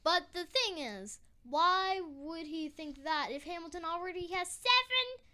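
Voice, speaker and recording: A woman chatting casually on a podcast, emotional and excitable, often stumbling over her words. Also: very high voice, unhurried. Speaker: podcast co-host. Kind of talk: casual chat about a musical. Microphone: desk microphone.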